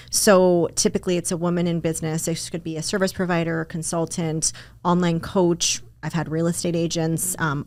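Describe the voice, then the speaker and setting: Chatty upbeat woman, slightly low voice. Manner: chatty, upbeat, filler-heavy with "like" and "um". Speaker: podcast guest, business coach. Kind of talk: casual interview chat.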